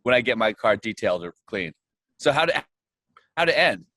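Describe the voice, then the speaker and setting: A man who is a guest on a podcast, chatting casually and chiming in with quick jokes and reactions. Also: on the low side, sing-song, bright, forceful tone. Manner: quick joking interjections. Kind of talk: casual chat.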